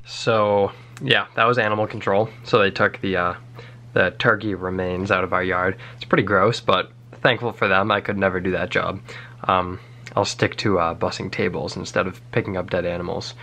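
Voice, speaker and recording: A man's voice: sits low, steady tone, normal speed, pushed and bright. A young man telling stories in a casual vlog, rambling along with many fillers and restarts. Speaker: vlogger.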